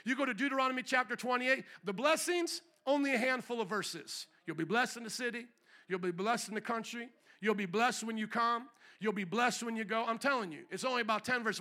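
Fiery high-voiced bright male preacher. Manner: fiery preaching, swings from low asides to shouted emphasis. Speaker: pastor. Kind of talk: sermon. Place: church.

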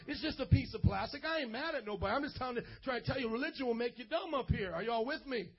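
A man preaching a lively sermon as a pastor, playful, calling for responses and acting out little scenes. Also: very high-pitched, quick pace, slightly rough. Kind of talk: energetic sermon to youth. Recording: dull lo-fi recording.

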